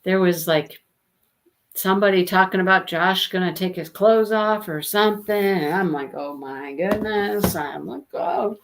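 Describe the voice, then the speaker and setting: A woman's voice: fairly low pitch, unhurried. A woman hosting a live book discussion, chatting casually, telling stories and laughing often as she reads out viewer comments. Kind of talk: casual chat on a livestream.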